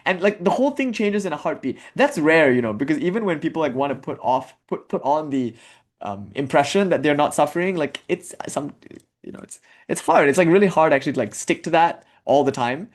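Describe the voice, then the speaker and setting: A young man with a somewhat high, animated voice moves briskly through an informal spiritual lecture. He keeps it chatty with "like" and asides and sometimes chants Sanskrit verses.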